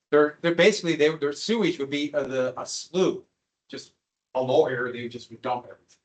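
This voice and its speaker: A man's voice: on the high side, lively intonation, brisk, a bit bright, low-quality recording. A male history teacher giving a classroom lecture, joking with his students and teasing them with questions.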